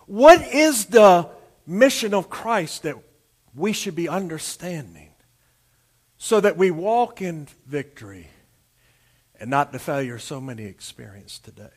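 A man preaching a sermon as pastor, telling a folksy joke and then reading scripture with drawn-out emphatic phrasing. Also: sits high, sing-song. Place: church service streamed to homes.

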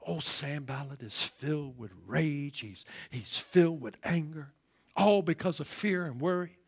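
A high-voiced man preaching a sermon, folksy and conversational, putting questions straight to his congregation. He drops to hushed whispers and then builds back up to loud, driving emphasis. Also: measured pace, breathy edge. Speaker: pastor.

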